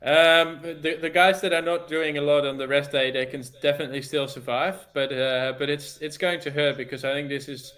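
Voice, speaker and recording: Dutch man, halting casual talk. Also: on the high side, level tone, a bit bright. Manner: halting, many restarts and fillers. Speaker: cycling team staff, former pro rider. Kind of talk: casual podcast chat.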